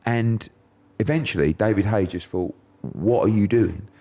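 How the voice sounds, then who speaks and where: A man's voice: fairly low pitch, unhurried, dark tone. A middle-aged man from England, a podcast guest telling a story in casual chat and acting out quotes in raised voices.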